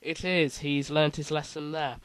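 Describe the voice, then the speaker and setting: A man's voice: a little high, level tone, measured pace, fairly bright tone, clear, resonant tone, no room sound, low-quality recording. A man hosting a casual quiz, reading out multiple-choice options with playful asides. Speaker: quiz host.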